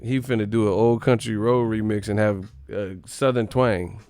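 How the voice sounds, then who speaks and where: A man live streaming in casual chat, animated and slangy, laughing often. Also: fairly low pitch, normal speed.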